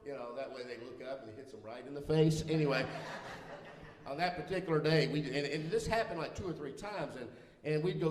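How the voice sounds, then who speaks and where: A man's voice: mid-range voice, a little fast, darkish tone. A middle-aged man preaching a humorous sermon in a church, telling self-deprecating personal stories in a folksy manner. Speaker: pastor. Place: church sanctuary. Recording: roomy church hall reverb.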